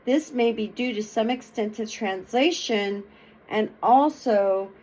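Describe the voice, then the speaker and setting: A woman reading folk tales aloud to her audience. Her voice sits a little high, and she takes an unhurried, expressive pace, leaning into the rhythm of the story. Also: slight background noise, rough recording. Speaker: storyteller and channel host.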